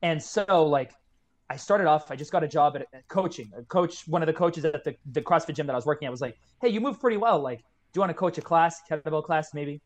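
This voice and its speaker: Fast-talking young man, earnest and heartfelt. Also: fairly high pitch. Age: 20s. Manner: earnest, heartfelt storytelling, many "like" fillers. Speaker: guest, kettlebell coach. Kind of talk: casual podcast conversation.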